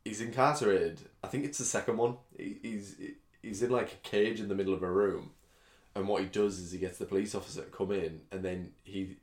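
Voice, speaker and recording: Laid-back man, low voice, echoey room. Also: fairly even intonation, fairly quick. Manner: rambling, laughs often, slips into silly voices. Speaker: podcast co-host. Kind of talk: casual chat. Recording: roomy echo.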